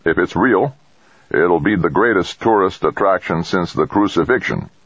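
A man's voice: low voice, normal speed, slightly rough, dry recording, pitched above the performer's own voice. A man reading an audiobook, voicing a domineering older businessman with a dismissive manner. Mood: blunt. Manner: dismissive, commercial-minded. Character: older male tycoon, blunt and domineering. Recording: dull dry lo-fi recording.

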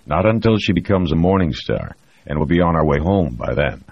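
A man's voice: a bass voice, lively intonation, brisk, creaky, no room sound, dull audio, exaggerated voice. A man reading an audiobook, voicing a wry, easygoing astronaut and former pilot with a laconic way of talking.

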